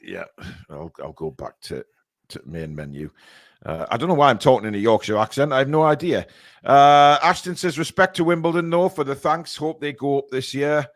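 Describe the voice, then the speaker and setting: A man's voice: fairly high pitch, fairly quick, no room sound, studio quality. A man from England hosting a live football fan stream, chatting casually with many fillers and reading out viewer comments.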